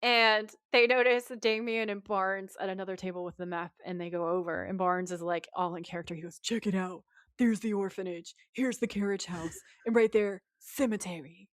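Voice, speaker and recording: A woman co-hosts a podcast in a relaxed, chatty way, walking through an episode and reading out the characters' dialogue. Her voice sits in the middle of the female range. The sound is close and dry, with no room echo. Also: medium pitch, moderate pace. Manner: retells scenes while quoting the characters' lines. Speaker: podcast co-host. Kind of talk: casual episode recap chat.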